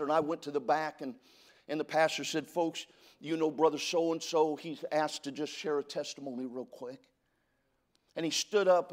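A middle-aged male pastor from California preaching a sermon, telling stories with stammered restarts and reading scripture in a rising preaching cadence. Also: fairly high pitch. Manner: storytelling with repeated stammered restarts.

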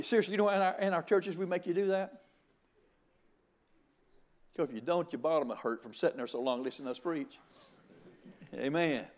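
An older man preaching with a slightly high voice. He keeps a folksy, joking tone throughout the sermon. He often trips over his words and starts his phrases again. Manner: folksy and joking, with frequent stammered restarts. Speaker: guest preacher.

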